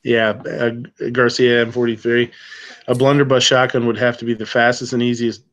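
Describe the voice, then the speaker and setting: Man, livestream host, casual banter, laughs a lot, mid-pitched voice. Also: little pitch movement, moderate pace, fairly bright tone. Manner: joking, laughs often. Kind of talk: casual chat.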